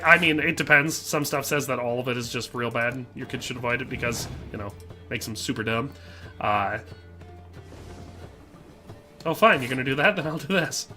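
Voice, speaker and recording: Bright-voiced Midwestern American man streaming. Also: on the high side. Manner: chatty, reads chat aloud, frequent fillers. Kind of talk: casual live gameplay commentary.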